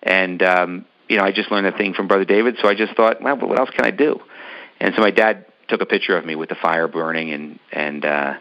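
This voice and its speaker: A man's voice: low voice, fairly quick, fairly bright tone, dull audio. A man casually telling a long personal story in an interview, rambling with many ums and restarts. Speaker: business owner telling his story.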